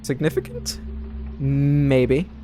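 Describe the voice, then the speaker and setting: A man's voice: mid-range voice, drawn-out words, music in the background. A young man hosting a let's play, chatting casually and self-deprecatingly about the game. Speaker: gaming channel host.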